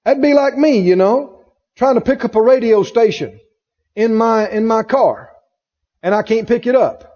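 A man's voice: very high voice, normal speed, darkish tone. A man preaching a sermon emphatically, repeating phrases and asking the congregation questions. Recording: dull lo-fi recording in a reverberant hall.

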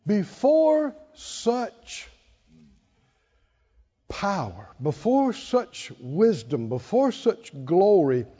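Slow, husky-voiced male preacher in a hall. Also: high voice, wildly swooping pitch, warm tone. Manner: conversational, laughs often, asks the congregation questions. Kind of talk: sermon. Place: church or conference hall. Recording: dull sound with hall reverb.

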